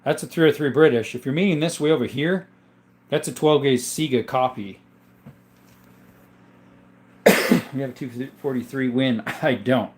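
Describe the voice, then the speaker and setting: A man's voice: medium pitch, normal speed, pauses often, a little mellow, slight background noise. A man hosting a casual livestream, easygoing and rambling as he reads out chat names; he is sick and coughs now and then. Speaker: livestream host showing his gun collection.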